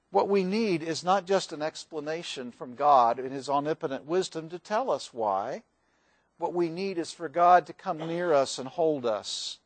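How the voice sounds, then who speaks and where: Man, pastor, earnest sermon, high voice, dry close sound. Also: normal speed, no room sound. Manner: earnest preaching, acts out quoted prayers with rising intensity.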